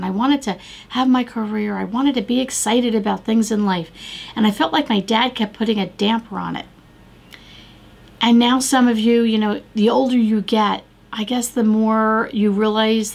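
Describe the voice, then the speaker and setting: With a mid-range voice marked by vocal fry, a middle-aged woman from the United States delivers a devotional talk on her podcast. She is earnest and presses listeners with recurring phrases.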